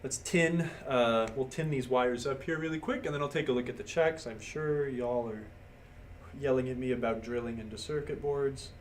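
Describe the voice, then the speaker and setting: A man's voice: medium pitch, moderate pace, a little hiss or hum. A man hosting a live stream, casually explaining a circuit board repair step by step as he works and chats with viewers. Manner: casual, step-by-step narration while working, reads chat. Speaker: livestream host doing pinball repair. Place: workbench.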